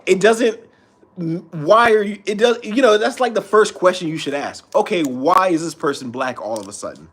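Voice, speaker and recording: A man's voice: sits high, expressive, moderate pace, a bit bright. A man streaming, ranting in a loose, profane way with frequent restarts. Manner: profane, rambling, restarts often. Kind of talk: casual rant.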